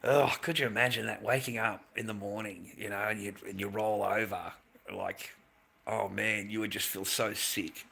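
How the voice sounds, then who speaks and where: A man's voice: fairly low pitch, fairly even intonation, moderate pace, creaky, pushed and bright, slightly rough. A middle-aged man, chatting casually to his livestream audience in a blunt, profane, rambling way with frequent laughs. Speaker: livestream host.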